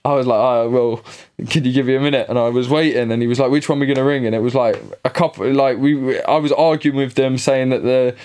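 A young man on a podcast spins a story in easy, slangy chat. He laughs as he goes and slips into the voices of the people he describes, his voice at a middle pitch. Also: fairly even intonation, fast talker, few pauses, a little mellow, smooth. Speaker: podcast host.

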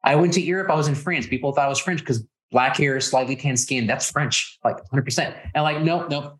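A Texan man chats casually as a podcast guest, playfully acting out exchanges with strangers and raising his voice for the quoted parts. His mid-range voice is fairly bright, and he talks briskly.

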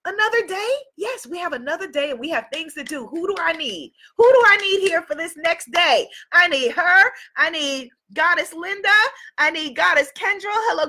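A woman coaching viewers on a livestream, warm and encouraging, greeting them by name and repeating phrases for emphasis. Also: very high voice. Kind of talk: live motivational coaching.

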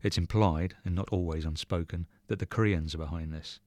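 Deep-voiced man reading a story. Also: steady tone, fairly quick, a little mellow, no echo. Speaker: reader. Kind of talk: reading a short story aloud.

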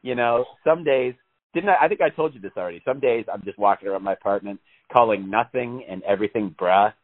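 A man's voice: on the low side, fast. A man chatting casually as a podcast co-host, rambling, swearing and laughing often. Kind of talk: casual chat. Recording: tinny phone-like line.

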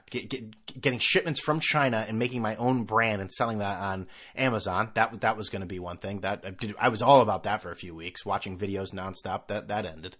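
A man's voice: fairly low pitch, fairly bright tone. A middle-aged man hosting his own podcast, rambling casually with sarcastic, self-mocking asides. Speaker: podcast host. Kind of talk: casual solo podcast rant.

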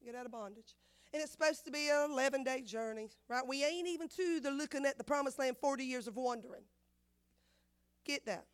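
A woman preaching a sermon, repeating phrases and acting out the voices in her story, swinging from loud to hushed. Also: sits high, a little fast. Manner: dramatic swings of loudness, acts out quotes, repeats phrases.

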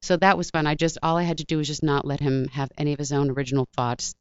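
Woman guest, voice actress, rapid animated storyteller, smooth crisp voice, dull lo-fi sound. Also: low-pitched, dry recording. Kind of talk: casual interview chat.

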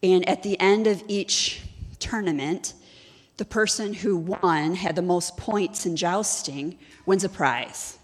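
A woman's voice: lowish voice, slow, big-room sound. A woman giving a sermon-style teaching in a conversational, storytelling way, often asking her listeners questions. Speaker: ministry executive director teaching.

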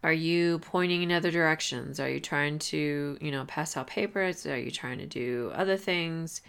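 A woman hosting a podcast, giving advice in a relaxed, conversational way with many fillers and restarts. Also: low voice, normal speed, creaky, smooth. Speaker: podcast host. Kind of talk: casual advice talk.

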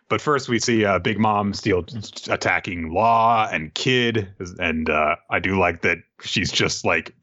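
A man co-hosting a podcast, retelling a chapter in a jokey, animated way. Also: deep voice, muffled recording. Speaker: podcast co-host recapping a manga chapter. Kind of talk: casual chat.

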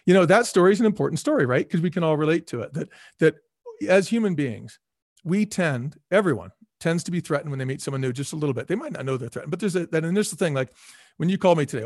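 A man's voice: fairly high pitch, quick pace, no echo, studio quality. A middle-aged man, a former business executive, telling stories as a podcast guest and acting out the voices he quotes. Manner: energetic, acts out quoted voices. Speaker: guest, former restaurant chain CEO. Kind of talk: animated storytelling in a podcast interview.

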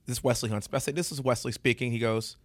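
A man telling an animated story in casual podcast chat, laughing often and stumbling over his words. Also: medium pitch, fast talker, dry recording.

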